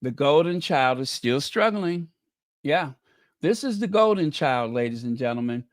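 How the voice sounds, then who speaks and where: A man's voice: a little high, lively intonation, measured pace, dry recording, clean studio sound. A man hosting a livestream, reading out viewer comments and giving emphatic commentary that repeats key phrases. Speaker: livestream host.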